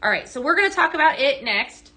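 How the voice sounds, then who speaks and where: A woman hosts a live shopping demo for a home fragrance brand, showing items at a table and chatting upbeat with lots of fillers and tag questions. Her voice is high, sing-song, fairly quick, pushed and bright, with slight background noise.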